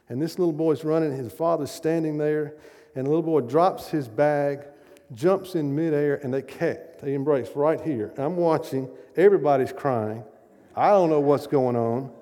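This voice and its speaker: A middle-aged man preaching a storytelling sermon, animated and acting out the voices of the people in his stories. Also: fairly high pitch. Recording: long hall reverb.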